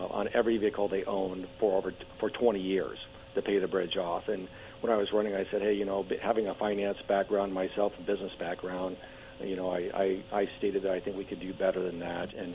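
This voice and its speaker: A man running for local office, talking eagerly in a radio interview, hoarse and losing his voice, with frequent restarts and fillers. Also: low voice. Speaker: political candidate guest. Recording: tinny phone line with faint hum.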